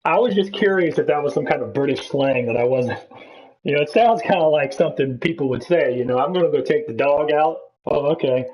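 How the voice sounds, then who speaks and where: A man's voice: a little high, animated, a little fast, a little mellow, poor audio. A man chatting casually and teasing others on a sim racing broadcast, laughing often.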